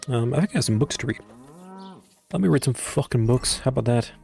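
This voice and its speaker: A man's voice: mid-range voice, expressive, brisk, gravelly, darkish tone, soft background music. Swearing, grumbling male game streamer. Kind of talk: gaming commentary.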